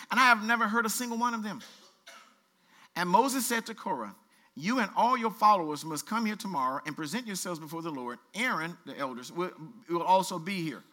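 A man pastor preaching a sermon, reading scripture aloud with colloquial asides and lively exhortation. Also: high voice. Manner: animated preaching, reads scripture aloud with asides and playful voices.

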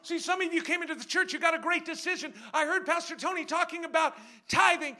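Preacher guy with a really high, super bright voice, goes from mumbling asides to full-on shouting at the church. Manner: swings from quiet asides to shouted, drawn-out exhortation; emphatic, repeats phrases and asks the crowd questions. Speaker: guest preacher. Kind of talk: sermon.

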